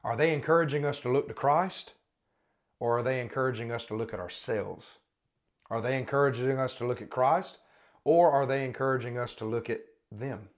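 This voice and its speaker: Man, podcast host, critical religious commentary, repeats questions, frequent restarts, mid-pitched. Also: moderate pace.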